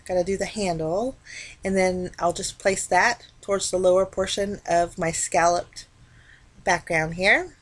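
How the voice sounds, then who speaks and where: A woman talking casually through a card-making tutorial, explaining each step in a relaxed, chatty way. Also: fairly low pitch, a little slow. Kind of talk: casual craft tutorial narration.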